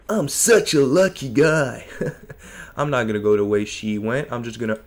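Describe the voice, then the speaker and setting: A man's voice: medium pitch, moderate pace, a little hiss or hum. A young man commentating a horror game, nervous and joking, often laughing and talking to the game and his viewers. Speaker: gaming YouTuber. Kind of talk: horror let's play commentary.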